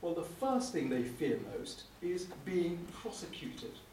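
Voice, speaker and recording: A middle-aged man, a prosecuting barrister, giving a wry, anecdotal conference lecture with frequent "uh" pauses. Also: high voice, sing-song, mellow. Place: lecture hall. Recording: echoey room, speaker far from mic, faint hum.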